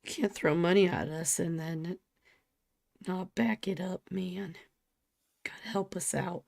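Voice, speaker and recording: Slow, gravelly woman co-hosting a stream. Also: fairly low pitch, fairly even intonation, dry recording, clean studio sound. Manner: slow, drifting into soft near-whispers. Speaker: livestream co-host. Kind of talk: casual livestream chat.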